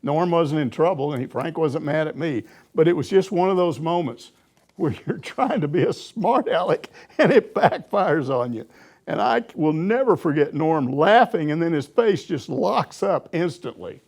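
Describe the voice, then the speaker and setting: A man's voice: fairly high pitch, moderate pace. An older man, a sports reporter, telling anecdotes in a casual chat and laughing as he goes. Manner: animated storyteller, laughs through anecdotes. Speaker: sports reporter answering questions.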